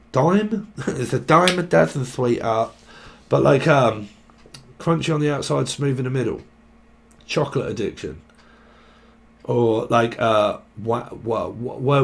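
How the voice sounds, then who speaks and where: A man's voice: medium pitch, gravelly. A man giving a rambling, casual tarot reading, swearing and jumping between word associations. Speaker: tarot reader.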